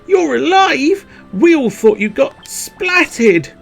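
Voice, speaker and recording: A man's voice: very high-pitched, sing-song, slow, vocal fry, faint music behind, voice pushed up, heavily acted. A man voicing a cheerful young undead soldier, eager and full of bony puns. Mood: chirpy.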